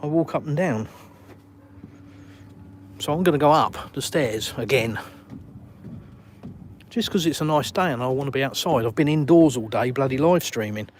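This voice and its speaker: A man's voice: medium pitch, expressive, normal speed, long pauses, a little hiss or hum. An Englishman live-streaming from his phone while walking around outdoors, reading viewer comments in a blunt, outspoken way and swearing casually. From England.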